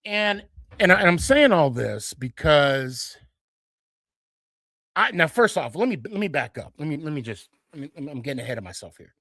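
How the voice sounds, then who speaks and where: Man, podcast host, casual rambling monologue, bright forceful voice, dry close sound. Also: moderate pace, gravelly, no echo. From Dallas-Fort Worth area. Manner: rambling, repeats himself, many restarts and fillers; excitable, jumps higher when animated.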